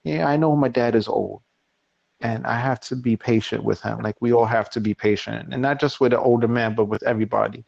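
A man's voice: medium pitch, steady tone, a little fast, gravelly, a little mellow, no room sound. A man in his forties hosts a podcast and tells a personal story in a loose, casual way. He acts out both sides of an argument. The sound is dull and dry, like a lo-fi home recording. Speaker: podcast host. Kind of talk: casual chat.

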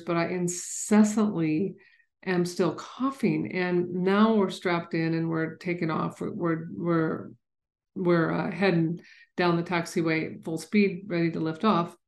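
A woman's voice: lowish voice, steady tone, measured pace, darkish tone, reverberant. A woman earnestly telling a personal story in a candid, conversational way. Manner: earnest, candid, with frequent restarts. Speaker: speaker sharing a personal story.

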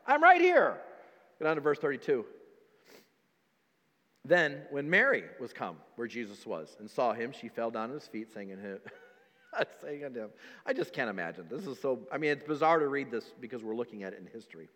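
A pastor delivers an animated sermon in a large church hall, speaking a little fast in a mid-range, somewhat bright voice. He performs the voices of doubting listeners from the story and reads scripture in old-fashioned wording.

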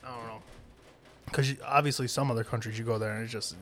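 A young man co-hosting a podcast in casual chat, excitable, joking and swearing. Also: mid-range voice, quick pace. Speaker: podcast co-host.

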